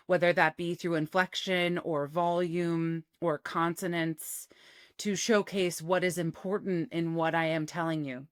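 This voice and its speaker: Voice coach lady, lowish voice, clean clear tone, shows off resonance and cadence as she explains, dry close sound. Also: fairly even intonation, a little slow, dry recording. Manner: demonstrative, shifts resonance and cadence to show techniques; clear, cleanly phonated delivery. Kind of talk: instructional talk to camera.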